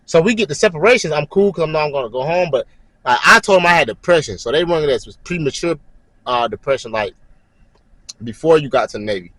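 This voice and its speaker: This young man speaks fast in a voice that's a little high, recorded with poor audio but no echo. Telling a casual tale, he swears a lot, uses slang, performs the other people's voices, and yells in the middle of it.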